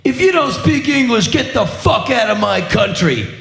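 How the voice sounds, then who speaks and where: A man putting on a crude, boastful middle-aged rock guitarist who yells at the crowd from the stage, louder and higher than his own voice. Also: sing-song, brisk, gravelly, roomy sound, in a large hall, soft background music, exaggerated voice. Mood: belligerent.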